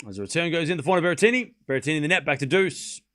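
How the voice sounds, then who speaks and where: A young man hosting a live tennis stream. He calls each shot in quick bursts and chats casually with his viewers between points. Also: fairly high pitch, a bit bright. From Australia. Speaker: stream host and tennis commentator.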